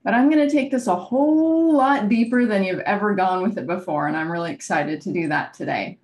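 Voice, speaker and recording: A woman's voice: medium pitch, a little fast, darkish tone. A woman giving a keynote presentation over a video call, confident and enthusiastic. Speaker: keynote speaker.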